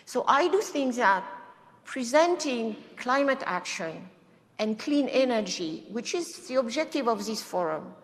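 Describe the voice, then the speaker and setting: A woman speaking on a conference panel, impassioned, with halting non-native phrasing. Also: fairly high pitch, big pitch swings. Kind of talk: panel discussion. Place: conference hall. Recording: long hall reverb.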